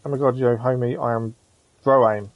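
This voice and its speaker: A man chats through a live gaming stream, friendly and rambling as he reads out viewers' messages. His voice sits in a middle pitch, recorded close and dry with no room echo. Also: fairly even intonation, normal speed, narrow, tinny audio. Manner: chatty, friendly, reads chat aloud, says "to be fair" often. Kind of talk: casual gameplay commentary, chatting with viewers.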